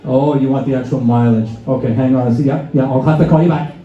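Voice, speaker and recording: A man's voice: mid-range voice, steady tone, fast, some chatter behind. A man doing a live stand-up set in a bar, sarcastic, acting out phone calls with mock-pompous asides. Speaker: stand-up comedian. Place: bar and grill stage before a laughing crowd. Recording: echoey bar room, dull lo-fi sound.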